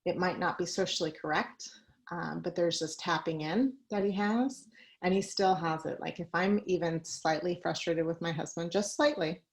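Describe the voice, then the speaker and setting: Woman, guest speaker, video call talk, conversational, slightly low pitch. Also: moderate pace, low-quality recording. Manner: conversational, personal stories, light laughs.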